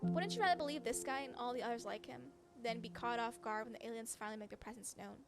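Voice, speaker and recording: A woman's voice: a little high, quick pace, close to an everyday voice. A woman voicing an upbeat young cryptid hunter and vlogger, talking in a chatty, earnest way over game music.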